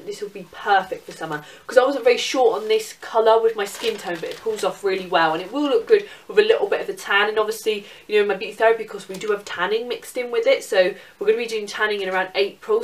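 A young Englishwoman in casual, sweary, excitable chat about her shopping haul. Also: mid-range voice, distant mic, a little hiss or hum. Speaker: vlogger.

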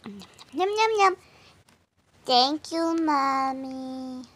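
A woman voicing a cheerful baby girl doll with slow, babyish cooing. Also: sits high, fairly bright tone, pitched above the performer's own voice, full character voice. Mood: contented.

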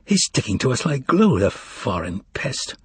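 Guy playing a grumpy young poet, mutters, husky, dry close sound. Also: mid-range voice, very animated, moderate pace, no room sound. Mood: irritated. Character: irritable young male poet, scowling.

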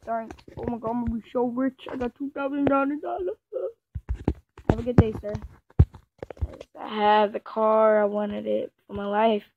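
A woman's voice: a little high, flat delivery, moderate pace, lightly acted. A woman voicing an easygoing married man buying a car in a game role-play. He rambles and talks to himself. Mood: chatty. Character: easygoing male car buyer with a wife. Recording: muffled and noisy, with background clicks.

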